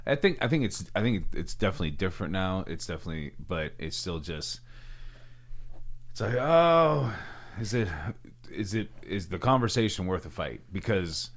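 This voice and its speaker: A man with a very deep voice co-hosting a podcast in relaxed chat. He thinks out loud, restarting phrases and circling back to repeat his point. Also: a little fast. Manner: easygoing, repeats himself as he thinks aloud. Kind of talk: casual chat.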